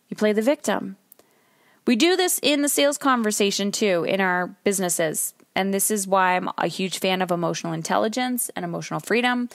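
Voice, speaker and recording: A woman's voice: medium pitch, no room sound. A woman in her thirties talks through a solo podcast episode while sitting in her car, and the sound is close and dry. She speaks candidly and with emphasis, swears now and then, and acts out little scenes as she makes her points. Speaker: podcast host.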